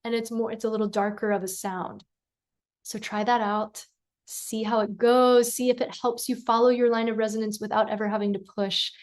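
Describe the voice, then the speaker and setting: A woman vocal coach giving a singing lesson, calm and encouraging, who breaks into sung syllables to demonstrate. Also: on the high side, moderate pace.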